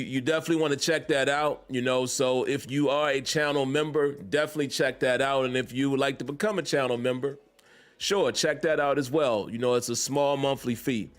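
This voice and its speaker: A man hosting a live-streamed sports podcast from his home basement, chatting casually and greeting viewers by name. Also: medium pitch. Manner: casual, repetitive shout-outs to chat viewers. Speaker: podcast host.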